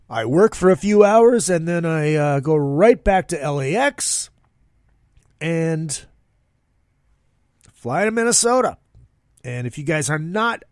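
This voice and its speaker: A man's voice: a little high, darkish tone, no echo, clean studio sound. Upbeat rambling man hosting a podcast. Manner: rambling, upbeat, lots of fillers. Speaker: podcast host. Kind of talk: casual solo podcast monologue.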